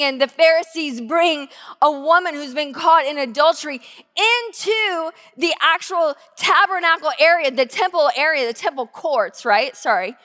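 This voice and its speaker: A woman pastor giving a sermon, earnest and conversational, slowing down to stress key phrases. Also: sits high, pushed and bright, long reverb tail. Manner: earnest, conversational preaching with slow emphatic phrases. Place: church sanctuary.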